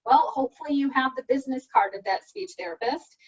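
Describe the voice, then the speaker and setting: A high, somewhat breathy-voiced woman works patiently through speech exercises as a speech therapist, one step at a time. She comes over a dull, lo-fi video call and sits a little back from her microphone. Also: expressive, fast. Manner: patient, step-by-step explaining with spoken demonstrations. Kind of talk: online support group presentation. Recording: dull lo-fi call audio, from a distance.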